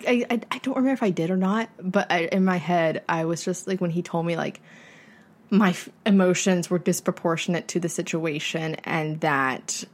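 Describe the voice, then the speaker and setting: A young woman co-hosting a podcast in casual chat, telling her own story in animated bursts with halting restarts. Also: fairly low pitch. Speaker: podcast co-host.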